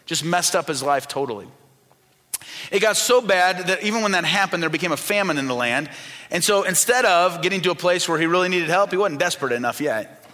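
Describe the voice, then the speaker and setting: Bright-voiced pastor preaching in a reverberant hall. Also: male voice, high voice, expressive, brisk. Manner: conversational preaching with audience questions, dropping soft for quoted lines. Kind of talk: sermon. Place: church. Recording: long reverb of a large church hall.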